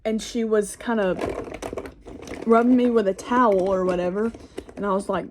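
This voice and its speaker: A woman's voice: medium pitch, fairly even intonation, moderate pace, darkish tone, slight background noise. Chatty teenage girl telling a story. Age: teens. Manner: chatty, rambling storytelling with frequent "like" and "y'all". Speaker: vlogger. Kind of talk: get-ready-with-me storytime. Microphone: phone camera.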